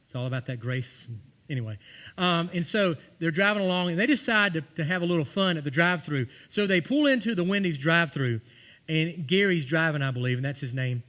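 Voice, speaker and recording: Pastor, male, high bright voice, acts out the people in his stories from the pulpit. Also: expressive, a little fast. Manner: storytelling, acting out quoted voices. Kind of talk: sermon. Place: church sanctuary.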